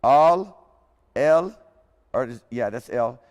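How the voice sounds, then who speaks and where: A man's voice: mid-range voice, lively intonation, slow, highs cut off. A man lecturing a class in an informal, rambling way, correcting himself as he goes and repeating words aloud for students. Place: lecture hall. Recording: hall reverb.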